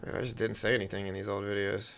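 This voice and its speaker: Speaking fast in a low, creaky yet smooth voice, a man with a faint Louisiana accent from near New Orleans hosts a live day-trading stream. He stays relaxed, thinks out loud and responds to chat.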